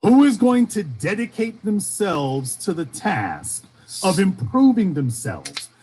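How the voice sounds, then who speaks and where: A commentator from Shreveport, Louisiana, with a faint Southern accent, gives an impassioned streamed monologue in a high, darkish voice whose pitch swoops wildly. He speaks slowly, over a slight hiss or hum, repeating rhetorical questions as his emphasis rises and falls.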